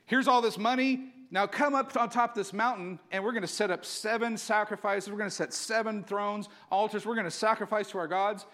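A man voicing a furious, scheming ancient king who shouts in exasperation. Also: high-pitched, steady tone, brisk, few pauses. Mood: pushy.

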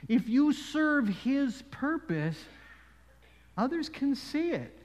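A man preaching a sermon as pastor, telling stories in an animated way with frequent asides. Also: extremely high pitch, slow. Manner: animated storytelling with frequent "you know" asides. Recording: long reverb in a large hall.

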